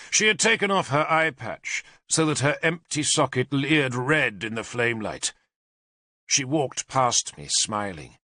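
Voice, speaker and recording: A man's voice: mid-range voice, very animated, measured pace, pushed and bright, dry recording, studio quality. A man narrating an audiobook in a dramatic, intense storytelling manner.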